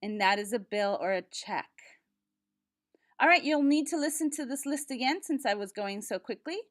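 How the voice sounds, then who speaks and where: A woman teaching a vocabulary lesson, pronouncing each word slowly and carefully and pausing for the listener to repeat. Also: on the high side, lively intonation. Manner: slow, careful enunciation with repeat-after-me pauses. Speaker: Spanish teacher.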